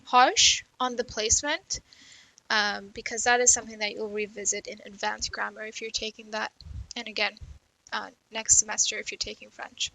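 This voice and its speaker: Bright-voiced woman teaching grammar. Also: medium pitch, steady tone, moderate pace, gravelly, poor audio. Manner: explanatory, with frequent "right?" and "okay" checks. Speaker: French teacher. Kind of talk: recorded grammar lecture.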